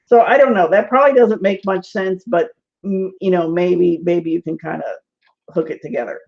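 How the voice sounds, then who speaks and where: A woman's voice: lowish voice, normal speed, gravelly, a little mellow. Chatty woman teaching tarot online. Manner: chatty, rambling, laughs often, many "like"s. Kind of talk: casual online class. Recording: dull lo-fi webinar audio.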